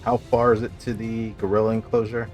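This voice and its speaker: A man with a very deep voice plays a tabletop game over voice chat, taking his time and reasoning through each move out loud. Faint music sits low behind him. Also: flat delivery. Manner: deliberate, thinks aloud about tactics. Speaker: player.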